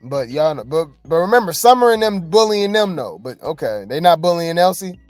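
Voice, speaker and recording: A woman hosts casual reality-TV gossip commentary, chatty and skeptical as she talks straight to her viewers. Her pitch swings widely from line to line. The sound is dry and close, with nothing of the room in it. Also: big pitch swings, brisk, a little mellow, no echo, soft background music.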